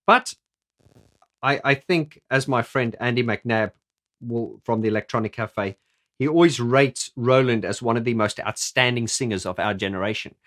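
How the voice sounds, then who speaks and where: A man's voice: mid-range voice, normal speed, fairly bright tone. A middle-aged man explaining singing technique as a vocal coach in a chatty video, often stumbling over restarts.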